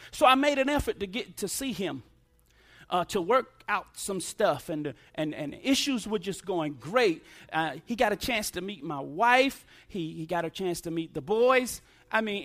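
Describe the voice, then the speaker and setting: High-voiced preacher giving emphatic testimony. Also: male voice, a bit bright. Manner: emphatic, call-and-response preaching. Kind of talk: sermon testimony.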